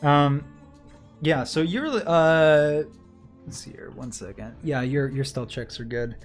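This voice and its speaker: A man's voice: fairly high pitch, steady tone, slow, faint music behind. A man narrating a tabletop game as game master, casual and hesitant with many fillers.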